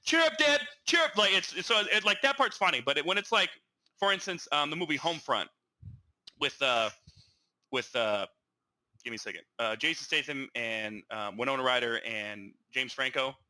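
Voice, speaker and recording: A young man co-hosting a podcast chats casually, telling stories in a rambling, animated way with frequent stammers and restarts. His voice is medium-pitched at a normal pace, captured in a low-quality recording.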